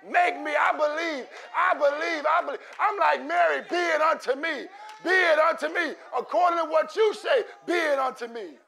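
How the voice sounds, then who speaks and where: A pastor delivers a fiery sermon, pushing his voice up high and rough. His tone has a raspy, gravelly edge, and a congregation murmurs faintly in the church behind him. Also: normal speed, a faint crowd. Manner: preaching with shouted, call-and-response exhortation. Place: church sanctuary.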